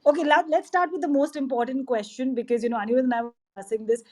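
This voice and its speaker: A woman's voice: high-pitched, steady tone, very fast, a little mellow. A woman hosts a casual chat over her phone. She is upbeat and chatty, and teases her guest. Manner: upbeat, chatty, teasing, mixes in Hindi. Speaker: host and moderator. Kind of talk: hosting a casual audio chat.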